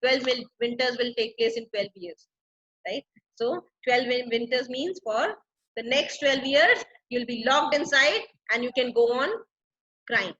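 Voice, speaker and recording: A woman's voice: on the high side, unhurried, sharp tone, muffled recording. A woman teacher explaining a play line by line, paraphrasing and repeating each phrase for clarity. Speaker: English literature teacher.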